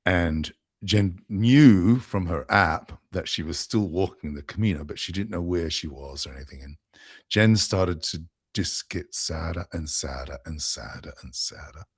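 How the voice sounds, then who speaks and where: A man's voice: low voice, measured pace, breathy edge, no room sound. A man, a podcast guest telling a heartfelt story, with restarts and fillers, into a close mic. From Australia.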